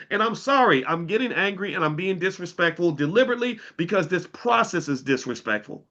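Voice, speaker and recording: A man's voice: high voice, expressive, brisk, few pauses, bright, forceful tone, highs cut off. A middle-aged man giving a finance talk on a livestream, preachy and repetitive, turning heated and profane at times. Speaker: finance educator.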